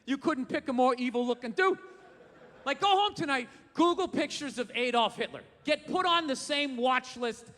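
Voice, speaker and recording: Loud ranting comedian man on stage. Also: very high-pitched, expressive, moderate pace. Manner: ranting, shouting bursts, crude swearing. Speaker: stand-up comedian. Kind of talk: stand-up comedy set. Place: theater stage. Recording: live in a theater with long reverb and faint crowd noise.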